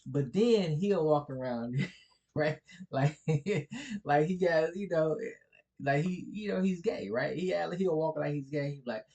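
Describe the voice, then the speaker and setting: A male vlogger with a fairly high, mellow voice talks unhurriedly in a casual monologue. He chuckles often, rambles loosely in a colloquial way, and tags his points with "right?" and "like".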